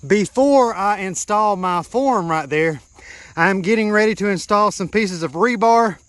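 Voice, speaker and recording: Outdoors in a backyard, a man with a high-pitched, fairly bright voice explains his build at a measured pace, showing viewers each step and pointing out details. This DIY vlogger keeps it casual and gets out of breath now and then. The recording has no room sound.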